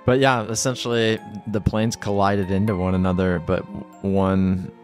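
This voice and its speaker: A man's voice: sits low, flat delivery, normal speed, soft background music. A man chatting on a podcast, matter-of-fact, explaining things to the others. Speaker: podcast producer. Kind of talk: casual podcast chat.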